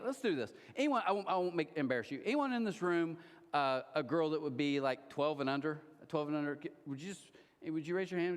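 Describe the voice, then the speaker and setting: A middle-aged man preaching a sermon in a casual, storytelling way, with chatty asides to his congregation. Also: a little high. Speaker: pastor. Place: large church auditorium. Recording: long reverb of a large hall.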